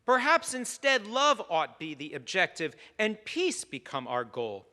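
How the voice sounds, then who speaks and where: A man, a rabbi, delivering a holiday sermon in measured, emphatic phrases with long pauses. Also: high-pitched, huge pitch swings, bright, forceful tone. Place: synagogue sanctuary. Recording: long reverb of a large sanctuary.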